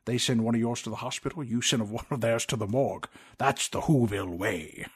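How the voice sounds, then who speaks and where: A man's voice: mid-range voice, brisk, slightly rough, pitched below the performer's own voice, lightly acted. A man growling as a Scottish-tinged mobster Grinch. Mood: menacing. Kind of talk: comic impression in a podcast chat.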